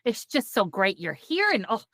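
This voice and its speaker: A woman voicing an overly sweet, folksy woman with a put-on Midwestern accent and a drawn-out, sing-song way of gushing. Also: medium pitch, very animated, fairly bright tone, slight background noise.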